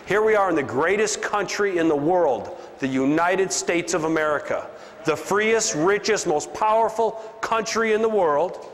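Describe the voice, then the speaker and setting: A man giving a punchy, preachy motivational seminar speech to a sales crowd. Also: normal speed. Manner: preachy, punchy, drops into a low voice for emphasis. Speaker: business speaker. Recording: long hall reverb, faint ambience.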